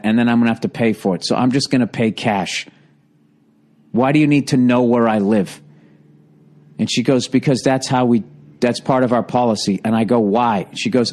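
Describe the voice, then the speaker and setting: A man's voice: mid-range voice, a little mellow. A man with a Boston accent telling a profane, exasperated comedic story as a podcast host, acting out the other people in it. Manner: profane, exasperated, mimics others in quoted dialogue.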